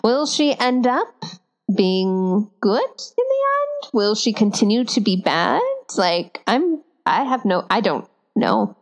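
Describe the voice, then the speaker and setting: A woman's voice: mid-range voice, big pitch swings, takes it slowly. A woman co-hosting a casual podcast chat, rambling with fillers and giggles. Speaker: podcast co-host.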